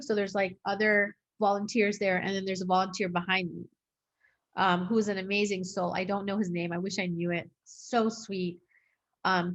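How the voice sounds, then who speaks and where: A woman's voice: medium pitch, a bit bright. Rambling woman recounting an intense experience. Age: adult with a young daughter. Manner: rambling, heavy use of "like" and "um"; acts out quoted dialogue. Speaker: host sharing her own experience. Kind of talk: casual interview storytelling.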